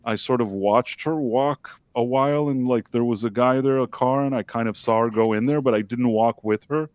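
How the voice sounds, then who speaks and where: A man tells a story on a live stream in a loose, rambling, self-deprecating way, full of fillers and restarts. His pitch sits in the ordinary middle, and the sound is dry and close to the microphone. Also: moderate pace, a little mellow, clear, resonant tone, no room sound. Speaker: livestream co-host.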